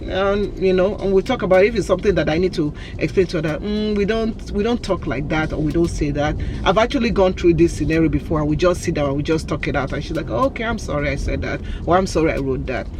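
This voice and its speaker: A woman's voice: fairly low pitch, quick pace, hardly any pauses, noisy background. A woman, answering viewer questions in a chatty, candid vlog and laughing often. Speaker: vlogger. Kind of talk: casual Q&A vlog.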